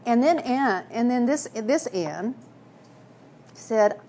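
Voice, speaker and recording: A woman's voice: fairly high pitch, lively intonation, slow pace, pauses often, dark tone, a little hiss or hum. Woman telling a story in a sermon. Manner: storytelling, earnest, with frequent restarts. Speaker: speaker. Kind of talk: sermon with personal stories.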